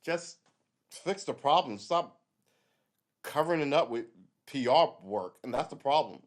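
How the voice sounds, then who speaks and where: A man ranting on a livestream in a loose, rambling monologue. He speaks bluntly and swears freely, at a middle pitch for a man. His talk stays casual and unscripted. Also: lively intonation, moderate pace. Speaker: livestream host.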